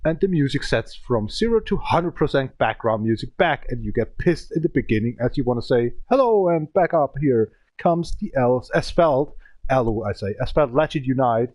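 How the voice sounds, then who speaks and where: A man's voice: medium pitch, darkish tone, no echo. A man in his thirties giving rambling, complaining gameplay commentary in broken English. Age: 30s. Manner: speaking with a cigarette in his mouth. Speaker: gaming channel host.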